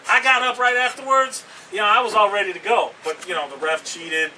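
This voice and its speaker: A man's voice: high-pitched, fairly quick, pushed and bright. A man who is a pro wrestler, giving a cocky, boastful, trash-talking interview in character. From Canada. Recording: distant mic with background noise.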